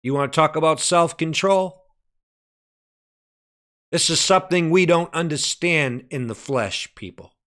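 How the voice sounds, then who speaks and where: A man preaching a sermon with fervor, dropping to hushed lines and rising to shouted peaks, often asking "Amen?". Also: measured pace, pauses often. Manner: fervent preaching, swinging from hushed low lines to shouted climaxes; calls out "Amen?" to the congregation.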